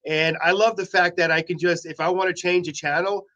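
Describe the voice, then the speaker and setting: A man's voice: sits high, fairly even intonation, a little fast, bright, forceful tone. A man hosting radio mornings, telling long rambling stories in casual chat with many restarts. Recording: dull lo-fi audio.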